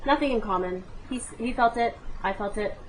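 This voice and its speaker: A woman in her late twenties telling a comic personal story as a vlogger, animated and dramatic, with exclamations and asides to the viewer. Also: a little high, fairly quick, a little hiss or hum, rough recording. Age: 20s.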